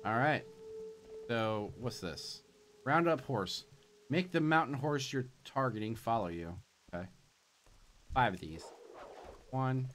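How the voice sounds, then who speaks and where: A man streaming gameplay late at night from a quiet home, sleepy and punchy, rambling and joking to himself as he plays. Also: medium pitch, animated, slow pace, long pauses. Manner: rambling and jokey, talking to himself. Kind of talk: casual gameplay commentary.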